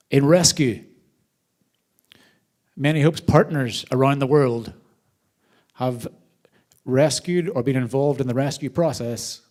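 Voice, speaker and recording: A man hosting a charity event, speaking to a live audience from a theater stage in a lively, storytelling way. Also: mid-range voice. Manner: animated storyteller, varied loudness. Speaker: charity host.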